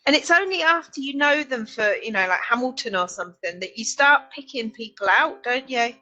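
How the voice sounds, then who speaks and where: A woman with a Northern English accent, co-hosting a casual knitting chat, quick to agree and joke. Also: fairly high pitch, lively intonation, pushed and bright, dull audio. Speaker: podcast co-host.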